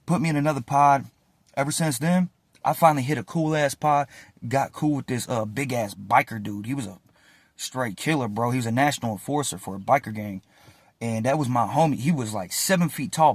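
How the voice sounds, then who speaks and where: A man's voice: medium pitch, normal speed, no echo. Man telling a street story, dry sound. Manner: animated, slangy and profane retelling. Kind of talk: casual storytime.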